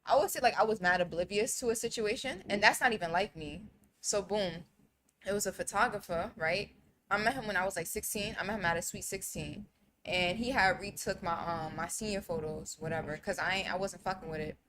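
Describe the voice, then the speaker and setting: A young woman co-hosting a loose, tipsy podcast, spinning a personal story in heavy slang. She talks easily and casually, at an even, everyday pitch. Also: fairly quick, crowd noise. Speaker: podcast co-host. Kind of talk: casual drunk chat.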